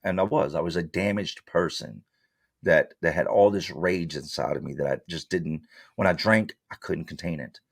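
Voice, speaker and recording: Low-voiced guy telling his story straight up, blunt street talk, dry close sound. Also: normal speed, creaky, no echo. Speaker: interview guest. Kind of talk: candid storytelling.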